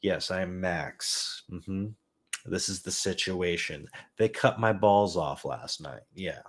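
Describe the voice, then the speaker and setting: A man voicing a calm, polite, businesslike male dog, speaking in a deadpan, unbothered way. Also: sits low, slow pace.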